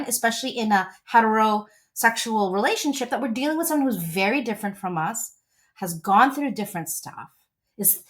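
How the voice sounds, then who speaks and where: A woman in her forties, a relationship coach, talking as an interview guest in a gushing, animated storytelling way. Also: on the high side.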